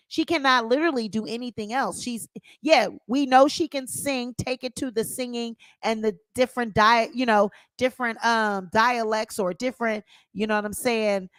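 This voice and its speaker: A woman's voice: on the high side, fairly bright tone, no room sound. A woman hosting her own channel, giving sassy, opinionated celebrity gossip commentary and calling her viewers honey.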